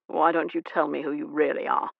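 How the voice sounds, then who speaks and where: An arrogant, predatory earl, as a woman voices him who speaks in a lazy, snide drawl. The voice carries a gravelly texture. It is recorded dry and a bit dull. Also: on the high side, flat delivery, fairly quick, no room sound, pitched below the performer's own voice. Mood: menacing.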